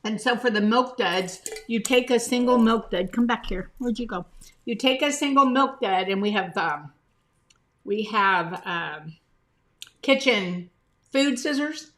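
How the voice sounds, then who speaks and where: Slow-talking chatty woman streaming live. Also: fairly high pitch, lively intonation, fairly bright tone. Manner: chatty, greets viewers by name, shows items to camera; talks with her mouth full at times. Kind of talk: casual live stream chat.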